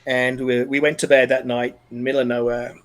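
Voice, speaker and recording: A middle-aged Australian man telling a personal story in an interview, earnest and animated, often restarting sentences. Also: medium pitch, fairly quick. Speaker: podcast guest.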